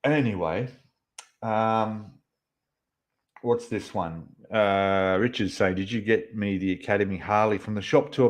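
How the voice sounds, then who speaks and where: A man's voice: lowish voice, a little slow. A man hosting a casual livestream, rambling as he answers viewers' chat messages. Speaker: livestream host.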